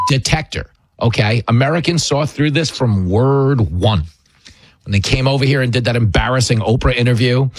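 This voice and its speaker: A man's voice: medium pitch, dry recording. A man hosting a comedy show, delivering a sarcastic, mocking monologue.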